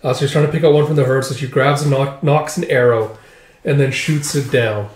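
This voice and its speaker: A man's voice: medium pitch, fairly even intonation, a little fast, darkish tone. A man casually retelling a comic, rambling and full of "like" and "uh". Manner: rambling, filler-heavy with "like" and "uh". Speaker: manga recap reader. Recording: roomy echo.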